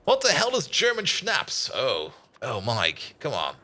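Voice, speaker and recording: Guy streaming a game, bright voice, laughs a lot, says hi to chat. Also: medium pitch, huge pitch swings, a little slow, slight background noise. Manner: chatty, laughs often, greets chat viewers. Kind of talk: casual live-stream chat.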